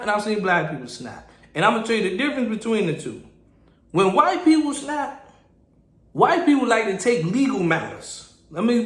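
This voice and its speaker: A man who hosts a podcast and works security, telling animated stories and acting out the people he deals with. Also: sits high, reverberant. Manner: animated storytelling, mimicking people. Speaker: podcast host, security guard. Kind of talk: casual podcast monologue.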